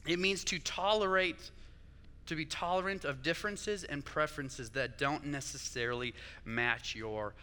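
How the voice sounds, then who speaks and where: A man's voice: on the high side, normal speed, bright, forceful tone, long reverb tail. A young man preaching a sermon, conversational and chatty, often asking his listeners "right?". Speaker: pastor.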